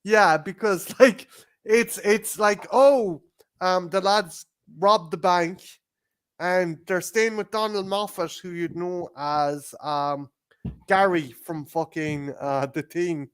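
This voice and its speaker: A co-host talks through a movie in a loose, rambling way at an ordinary middle pitch. The speech is full of swearing and false starts, and scenes get retold in little acted-out snatches. It is relaxed, unscripted stream chat. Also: slow pace, clear, resonant tone. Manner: rambling and profane, with many restarts; acts out scenes in quoted voices. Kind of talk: casual movie discussion.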